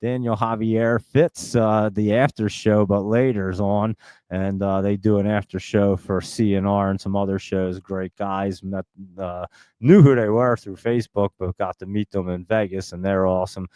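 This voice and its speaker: Man, fast rambling talk, lowish voice, smooth and clear. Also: steady tone, mellow, dry recording. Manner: talks extremely fast and nonstop; chatty, rambling, laughs often. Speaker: host of a live stock-market stream. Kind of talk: casual live-stream chat.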